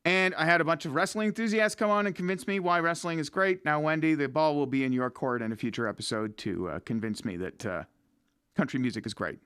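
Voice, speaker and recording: A man's voice: fairly high pitch, a little fast, a bit bright, clean tone, dry recording, studio quality. A man hosting a podcast, chatting casually and joking with a guest. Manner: joking, laughs often. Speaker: podcast host. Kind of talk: casual chat.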